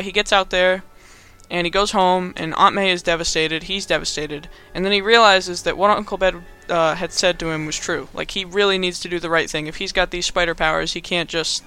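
A man's voice: high-pitched, pushed and bright, clear, resonant tone. A young man casually recapping a movie as a podcast host, rambling with lots of fillers and frequent laughs.

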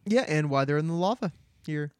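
A playful man co-hosting a book podcast, jumping in with quick asides and plenty of "like". His voice sits a bit high, and the sound is dry and close. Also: animated, a little mellow, clear, resonant tone, no echo. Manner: playful, chiming in, "like"-heavy. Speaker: podcast co-host. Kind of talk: casual chat.

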